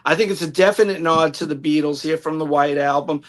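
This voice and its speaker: A man's voice: on the high side, brisk. A man with a New York accent presenting a prepared album review from his notes on a live-stream panel, detailed and enthusiastic.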